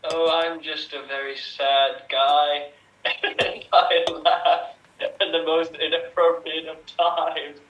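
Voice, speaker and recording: A sad, awkward male comedian mumbles and giggles at the wrong moments, as a man acts him out. His voice is bright and a little high. It echoes from a distance, with faint noise behind. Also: little pitch movement, takes it slowly, dull audio. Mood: mopey.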